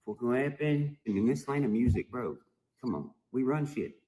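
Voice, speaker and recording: A man ranting to his video audience in a heated, profane monologue full of emphatic, drawn-out phrases. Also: medium pitch, lively intonation, warm tone. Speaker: musician vlogger.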